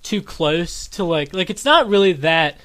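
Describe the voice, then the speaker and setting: High-voiced rambling man. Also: lively intonation, measured pace, a bit bright. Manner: rambling, puts on regional accents for laughs. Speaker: podcast co-host. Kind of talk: casual chat.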